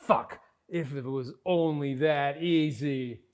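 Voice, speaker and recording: A man's voice: on the high side, takes it slowly, a little mellow, clear, resonant tone. An actor playing a sardonic, anxious man who swears and talks to himself while looking for therapy in a solo musical drama. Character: wry, anxious, struggling man seeking therapy. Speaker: solo stage performer.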